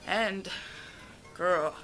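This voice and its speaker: Bubbly, bright-voiced young American woman. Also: lowish voice, soft background music, low-quality recording. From United States. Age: young adult. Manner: gushing, enthusiastic, drawn-out words. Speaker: vlogger. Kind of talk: casual food vlog.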